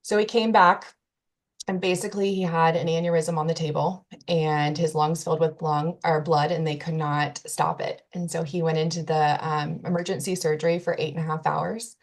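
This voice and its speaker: An earnest woman with a slightly low voice tells a personal story in an interview. She recounts events with feeling and quotes what others said along the way. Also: fairly even intonation, moderate pace. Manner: earnest, emotional retelling with quoted dialogue. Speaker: guest telling her story.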